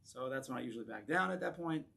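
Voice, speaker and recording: A man, a rabbi, teaching a class in a synagogue, animated and drawing in his audience, often restarting words as he goes. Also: medium pitch, fast, creaky. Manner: animated, acts out voices in quoted lines, repeats words as he restarts. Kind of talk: lecture with audience discussion.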